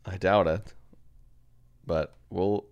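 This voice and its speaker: A man's voice: sits low, fairly even intonation, slow, smooth, lo-fi sound. A young man co-hosting a casual podcast, joking and laughing often. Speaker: podcast co-host. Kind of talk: casual chat.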